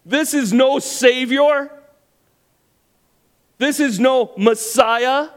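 An indignant man from a grumbling crowd , as a preacher acts him out, fires off rapid questions at a much higher pitch and louder than a normal speaking voice. His outrage stays hot and pushed throughout. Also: clean tone, full character voice.

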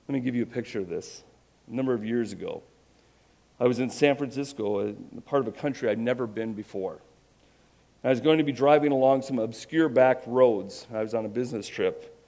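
A man's voice: medium pitch, brisk, warm tone. A man preaching a sermon, earnest and emphatic, with self-deprecating humor. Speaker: pastor.

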